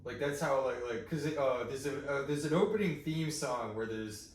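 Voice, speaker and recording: A young man, a comedian and podcast co-host, chatting casually in a rambling way with many halting restarts. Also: mid-range voice. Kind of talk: casual chat. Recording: roomy, distant mic, faint noise.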